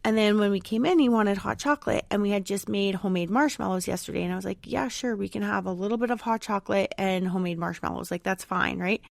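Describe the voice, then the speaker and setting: A woman's voice: medium pitch, quick pace, gravelly, few pauses, no room sound. A woman podcast host and mother chatting casually through a personal story, rambling with lots of fillers. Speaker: mother of a young child.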